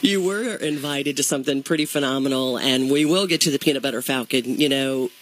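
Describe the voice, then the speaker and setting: A man's voice: medium pitch, a little fast, a bit bright, poor audio. A man hosting a local radio show who asks questions and plugs an event in an upbeat, chatty way. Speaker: radio host. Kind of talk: casual radio interview.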